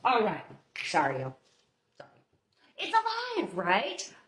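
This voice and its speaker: A woman's voice: lowish voice, wildly swooping pitch, a little slow, a bit bright, slight background noise. A woman hosting a live baking stream, giving viewers a chatty, motherly pep talk in her home kitchen. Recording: roomy echo.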